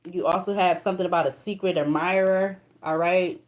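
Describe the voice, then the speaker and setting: Casting: young woman, lowish voice, casual tarot reader, emotional and colloquial. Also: fairly even intonation, a little fast. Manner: reads card texts aloud, emotional, colloquial.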